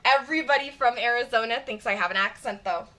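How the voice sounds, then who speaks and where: A woman from Michigan with a general Michigan accent speaks fast in a slightly high, pushed, bright voice. As a streamer she chats casually with her viewers, blunt and emphatic, swearing freely.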